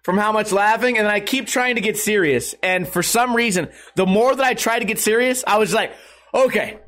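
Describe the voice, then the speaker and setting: High-voiced swearing streamer man. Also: moderate pace, a bit bright. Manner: profane, rambling, bursts of laughter. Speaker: live streamer. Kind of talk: casual storytelling to a live chat.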